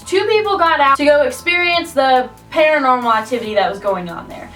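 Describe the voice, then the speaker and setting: A young woman vlogger telling a scary story from her own life in an animated way, her voice rising at the tense moments. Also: high-pitched, recorded from a distance. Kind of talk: storytime vlog.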